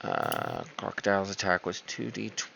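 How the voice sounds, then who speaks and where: A man with a gravelly voice, playing in a casual tabletop game. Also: low-pitched, wildly swooping pitch, normal speed, sharp tone. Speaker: player. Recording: dull, lo-fi mic with faint noise.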